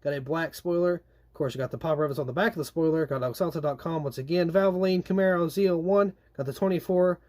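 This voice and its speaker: Chatty young man reviewing toy cars. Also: fairly high pitch. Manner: chatty, animated, slangy, drawn-out complaints. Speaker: diecast reviewer. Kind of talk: casual product review.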